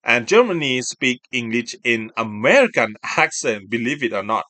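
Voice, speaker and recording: A man, an English speaker, hosting a casual chat and talking in halting, self-correcting phrases. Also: mid-range voice, very animated, bright, forceful tone, no echo. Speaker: video host.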